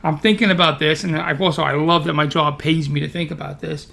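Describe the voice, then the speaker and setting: A man in casual sports chat, animated and opinionated, joking as he argues his points. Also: fairly high pitch, brisk, creaky. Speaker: podcast co-host.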